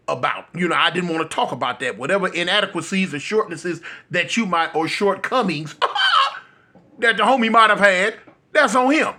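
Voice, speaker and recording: A man's voice: high voice, sharp tone. A man telling a story casually to his audience, laid-back and rambling, heavy on slang and repeating himself as he goes. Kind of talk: casual street storytelling to camera.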